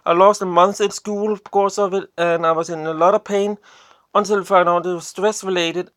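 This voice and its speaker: A vlogger from Denmark with a Danish accent, telling personal stories in a halting way, often searching for English words, blunt and complaining. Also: medium pitch, a bit bright, no echo. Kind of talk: casual personal storytelling to camera.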